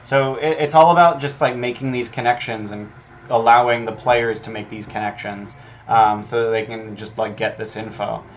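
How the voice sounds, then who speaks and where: A man's voice: medium pitch, steady tone, moderate pace, slight background noise. A man preparing a tabletop game session, reading his notes aloud in a casual, profane way, with lots of ums. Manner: filler-heavy, profane, thinking aloud. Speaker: game master prepping an adventure.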